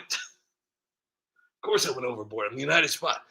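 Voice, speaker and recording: A man hosting a comedy channel, ranting in sarcastic commentary with stammering restarts and sudden shouted outbursts. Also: fairly high pitch, very animated, fairly quick, gravelly, pauses often.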